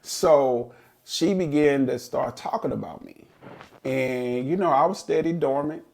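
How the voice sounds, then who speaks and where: This middle-aged podcast co-host has a gravelly, creaky, slightly mellow voice pitched in the middle. Telling a story in casual chat, he's animated yet unhurried, recalling his past with earnest thoughtfulness.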